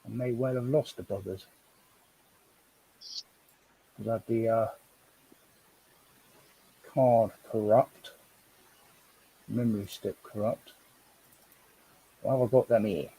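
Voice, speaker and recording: A man's voice: on the low side, fairly even intonation, slow pace, creaky, long pauses, mellow, breathy edge. A man chatting casually on a live stream, rambling and thinking aloud as he sorts through things at home.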